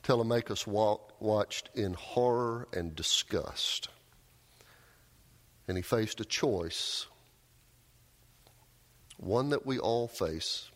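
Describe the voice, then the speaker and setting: A man's voice: slow pace, pauses often. Preaching man in a reverberant church. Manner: storytelling, shouts quoted cries, drops low for emphasis. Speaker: pastor. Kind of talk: sermon. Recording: long hall reverb.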